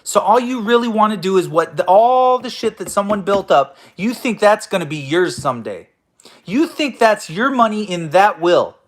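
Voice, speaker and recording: Hosting his own online audio room show, a man rants angrily at listeners in a confrontational monologue, swearing constantly and stammering through restarts. His voice sits high, with big pitch swings, at a moderate pace.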